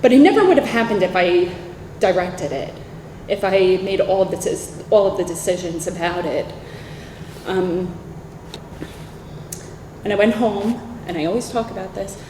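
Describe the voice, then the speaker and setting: A woman's voice: medium pitch, normal speed, slight background noise. Candid New York woman in an echoey hall. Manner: candid, animated storytelling with frequent "like" and "right?". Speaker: recovery meeting speaker. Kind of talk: personal testimony talk. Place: convention hall. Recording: echoey hall with faint ambience.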